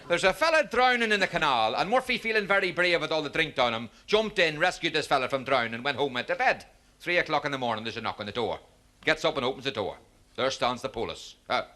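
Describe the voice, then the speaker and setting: A man doing stand-up comedy, telling jokes as animated stories and acting out the characters, with an audience laughing behind him. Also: mid-range voice. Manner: animated storyteller, acts out characters.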